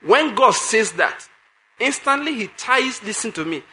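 A male preacher with a high, bright, forceful voice. He preaches emphatically, circling back to repeated phrases and throwing questions at the congregation. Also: lively intonation, a little slow, a little hiss or hum. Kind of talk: sermon.

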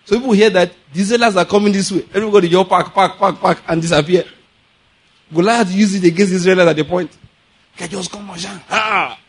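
A Nigerian man preaching a sermon, telling stories in a lively way, laughing often and mixing in pidgin. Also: high-pitched, a little fast, breathy edge. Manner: animated storytelling, laughs often, mixes in pidgin. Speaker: pastor.

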